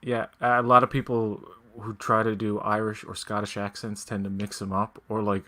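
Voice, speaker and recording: A man with a low, forceful voice co-hosts a podcast. He rambles casually with joking asides, and his tone stays bright and pushed forward. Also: flat delivery, moderate pace. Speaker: podcast co-host. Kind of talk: casual chat.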